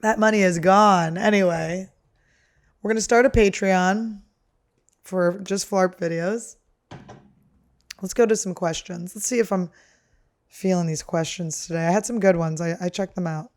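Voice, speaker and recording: A woman's voice: lowish voice, a little slow, long pauses. A woman hosting a comedy podcast, ranting casually in a crude, sarcastic way. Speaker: podcast host.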